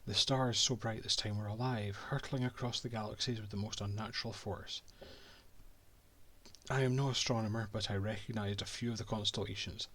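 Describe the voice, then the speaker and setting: A man's voice: on the low side, steady tone, normal speed, pushed and bright. A Scottish man voicing a haughty male cartographer and reading his old-fashioned diary aloud from a game.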